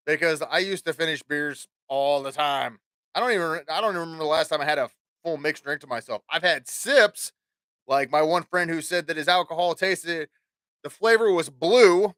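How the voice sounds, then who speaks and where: A man with a fairly high, sharp voice hosts his own podcast, rambling casually with lots of jokes and swearing. The sound is dry and clean, studio quality.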